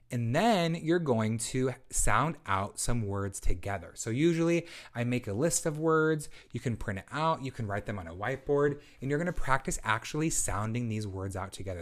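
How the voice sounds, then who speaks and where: A man's voice: on the low side, a bit bright. A man who researches literacy, presenting a webinar for parents and explaining teaching routines step by step, with teacher-style prompts.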